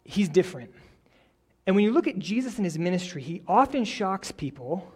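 A young adult male pastor who prays quietly, then preaches a story-driven sermon with building energy. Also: high-pitched, normal speed, husky. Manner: prays softly, then preaches with rising energy and animated stories.

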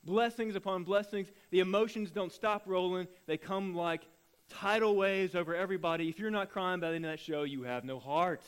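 Pastor with a high-pitched voice, animated preacher who acts out his stories. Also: a little fast, clean tone. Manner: animated storytelling, acting out voices. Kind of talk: sermon.

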